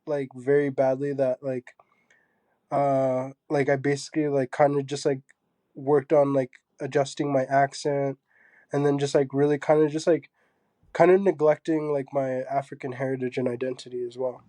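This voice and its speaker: A young man from Zambia, a guest artist, talking casually in an interview with a soft, halting manner full of fillers. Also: mid-range voice, flat delivery, dry recording.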